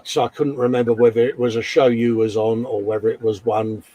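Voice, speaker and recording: A man's voice: mid-range voice, level tone, fairly quick, mellow, dry recording, poor audio. A man hosting a live hobby stream in casual chat, laughing often and calling everyone mate.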